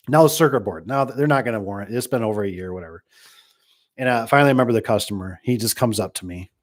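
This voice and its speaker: A middle-aged man chatting casually with viewers, wandering from one story to the next. He jokes around, restarts his sentences and tosses in asides, with an everyday voice of ordinary pitch. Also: brisk. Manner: rambling, joking, many restarts and asides. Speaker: garage door business owner. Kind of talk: casual storytelling to a live chat.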